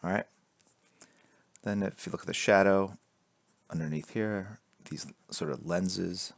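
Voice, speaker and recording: Low-voiced man teaching drawing on stream. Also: unhurried, vocal fry, no room sound. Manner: relaxed, joking, reads chat aloud while sketching. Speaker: artist streaming a drawing lesson. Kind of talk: casual live-stream drawing instruction. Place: indoors at a drawing board. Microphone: camera fixed to drawing board.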